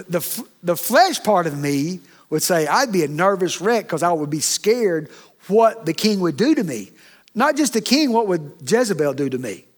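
A man preaching a sermon in a chatty, animated way, often checking in with the congregation. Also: high voice. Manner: animated, chatty, keeps asking the congregation "okay?".

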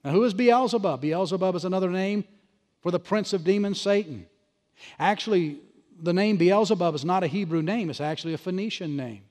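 A man preaching a sermon to his congregation, animated and punchy, with sarcastic asides. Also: high voice, a little fast, big-room sound. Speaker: pastor.

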